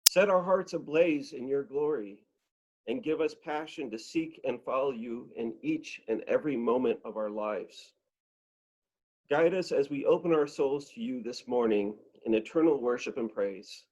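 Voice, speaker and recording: A man leading an opening prayer in worship, measured and reverent. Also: medium pitch, darkish tone. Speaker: worship leader. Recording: dull lo-fi sound.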